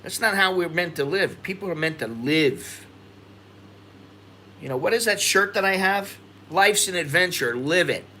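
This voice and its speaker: A man's voice: high-pitched, animated, normal speed, pushed and bright, slight background noise. An American man hosting a livestream, reading viewer comments and rambling with frustration, repeating himself. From United States. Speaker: expat vlogger.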